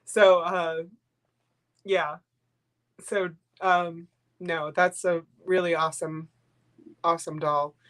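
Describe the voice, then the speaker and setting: A woman's voice: fairly low pitch, little pitch movement, slow pace, long pauses, a bit bright. An older woman hosting a live stream in casual chat, rambling and emotional, sniffly from crying. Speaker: livestream host.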